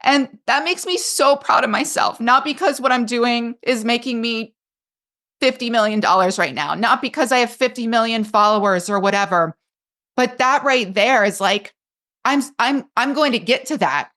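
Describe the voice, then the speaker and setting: A woman's voice: a little high, moderate pace, fairly bright tone. Woman coach on a podcast mic, earnest and emphatic, wears her heart on her sleeve, chatty. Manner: earnest, emphatic and openly emotional. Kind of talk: casual podcast conversation.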